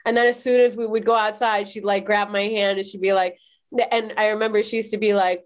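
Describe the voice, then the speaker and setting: A woman from Iran in her thirties, a podcast guest telling personal stories in a lively, quick way with many "like" fillers. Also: medium pitch. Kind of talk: animated personal storytelling in a podcast interview.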